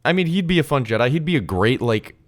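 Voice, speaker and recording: A young man co-hosting a movie podcast, chatting casually and animatedly, with quick asides and self-corrections. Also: mid-range voice, very animated. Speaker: podcast co-host.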